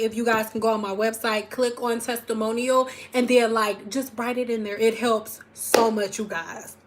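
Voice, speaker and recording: A woman from Detroit, hosting a hair care livestream and chatting casually with viewers, animated and swinging from loud squeals to soft asides. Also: a little high.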